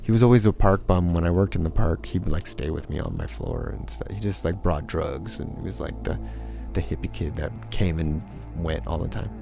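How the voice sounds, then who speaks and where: A man with a low, gravelly voice tells a rambling personal story with plenty of swearing and fillers. He breaks into raised, mocking voices to act out what people said. Faint music plays quietly behind him. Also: sing-song, a little fast. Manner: profane, rambling, with lots of fillers; acts out quotes in a raised, mocking voice.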